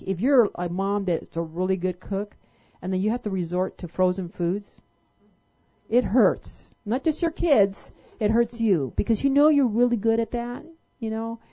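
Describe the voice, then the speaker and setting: A woman telling a personal story during a church service, chatty and full of "you know"s. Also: fairly high pitch. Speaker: pastor's wife sharing a story. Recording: dull lo-fi recording.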